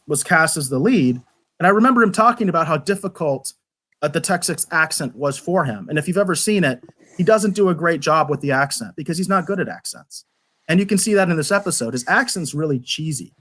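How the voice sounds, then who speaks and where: Animated man reviewing with exasperation. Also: a little high. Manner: rambling, repeats words when restarting. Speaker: podcast reviewer. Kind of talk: casual review chat.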